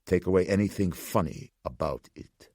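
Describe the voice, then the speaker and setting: A man's voice: low voice, darkish tone, slightly rough, dry recording, clean studio sound. A man voicing a somber, ominous old survivor. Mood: grave. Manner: slow, grave, measured.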